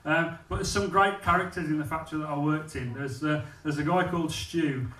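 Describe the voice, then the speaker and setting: Male stand-up comic, crude and self-mocking, fairly high voice, live club recording from far off. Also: fairly even intonation, fairly quick, fairly bright tone. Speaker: stand-up comedian. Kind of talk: stand-up comedy routine. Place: comedy club stage, indoors. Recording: echoey club from far off, audience noise.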